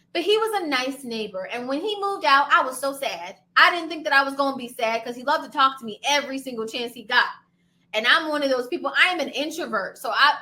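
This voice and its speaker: A woman from Brooklyn, a homebuying educator, telling animated, slangy stories straight to her viewers. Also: high voice. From Brooklyn, New York. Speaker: homebuying educator and channel host. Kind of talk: casual storytelling to camera.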